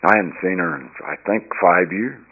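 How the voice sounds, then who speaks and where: A man's voice: deep voice, normal speed. Earnest man telling his recovery story. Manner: earnest storytelling that swings between hushed and loud, emphatic passages. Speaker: speaker sharing his recovery story at a recovery meeting. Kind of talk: personal testimony talk. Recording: dull lo-fi recording.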